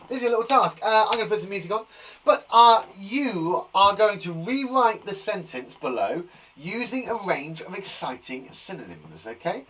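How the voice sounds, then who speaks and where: A man with an English accent teaching a live online lesson to young children, lively and animated, acting out example sentences. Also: mid-range voice, distant mic, slight background noise, rough recording. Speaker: primary school teacher.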